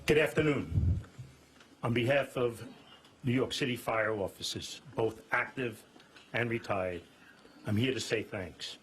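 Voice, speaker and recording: A man's voice: medium pitch, a little slow, long pauses, fairly bright tone, poor audio. Union guy at a podium, rousing and rhetorical, faint noise behind. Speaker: fire officers' union president. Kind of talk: press conference speech.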